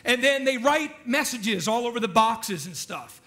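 A male pastor preaching in a relaxed, conversational way, with a very high voice for a man. He jokes and keeps asking the congregation questions. His tone is bright and forceful. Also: moderate pace. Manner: chatty, joking, asks the congregation questions. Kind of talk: casual sermon.

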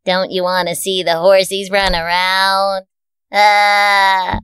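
A woman voicing a creepy, sinister circus barker who lures children in with slow, drawn-out, menacing talk. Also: mid-range voice, flat delivery, fairly bright tone, clear, resonant tone, dry recording. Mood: creepy coaxing.

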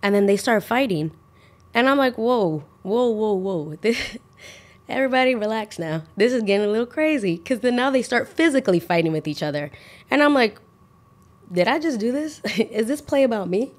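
Animated young woman telling a story. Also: brisk. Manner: animated, acts out quotes with big pitch jumps. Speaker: podcast host. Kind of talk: casual storytime.

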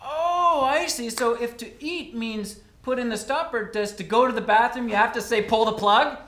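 A man's voice: extremely high pitch, normal speed, fairly bright tone, a little hiss or hum. A man playing a naive, hungry traveler who stammers and fumbles his words, told live on a college stage in a roomy hall. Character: naive hungry male traveler, clumsy and literal. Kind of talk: live comic storytelling.

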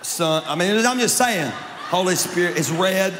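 A man from Louisiana preaching a sermon as pastor, animated and joking, with crowd banter. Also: high-pitched, a little slow, background noise. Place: large church auditorium. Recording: long reverb of a large hall.

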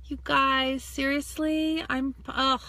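Sitting in her parked car in a parking lot, a woman in her forties who leads a sales team speaks in a high, slow voice during a live video chat on her phone. She's tearful, gushing and animated, close to crying. The recording is dry.

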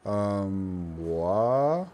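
A man giving casual gameplay commentary, slangy and playful, breaking into loud excited yelps and exclamations. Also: sits low, very slow. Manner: slangy, playful banter at the game. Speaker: gaming YouTuber.

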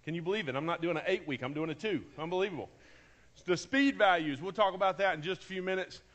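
A high-voiced man preaches to his church congregation. He talks with excitement and emotion, saying key phrases twice over for emphasis. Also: quick pace, muffled recording. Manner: enthusiastic, emotional, repeats phrases. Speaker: pastor. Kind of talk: sermon. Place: church sanctuary.

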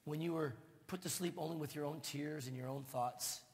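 Male pastor preaching a sermon, gravelly, with a higher voice, in a church with a long echo. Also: steady tone, normal speed. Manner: impassioned preaching, swinging between loud proclamation and hushed tenderness. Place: church sanctuary. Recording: long reverb of a church hall.

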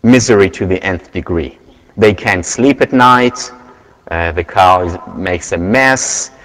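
A man giving a university lecture, earnest and measured, telling stories to make his point. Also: low-pitched, fairly bright tone. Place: large lecture hall. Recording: lecture hall with long reverb.

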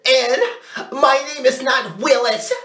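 A woman's voice: high-pitched, slow, a bit bright, husky. A woman acting out short comedy sketches, with an exaggerated sweet greeting voice. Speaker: comedy content creator.

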